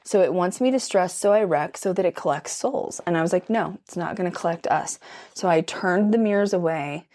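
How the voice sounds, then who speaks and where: A woman's voice: on the low side, fairly quick, hardly any pauses, a little mellow. A young woman vlogger telling a ghost story in a chatty, emphatic way, full of "like" and "okay?" asides. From Colorado. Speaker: paranormal vlogger. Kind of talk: casual storytelling while doing makeup.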